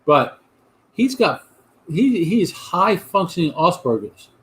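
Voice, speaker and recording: A man's voice: high voice, sing-song, slow, a bit bright. A middle-aged man hosting a casual livestream chat, rambling and talking back to viewer comments. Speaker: host of a livestream chat show.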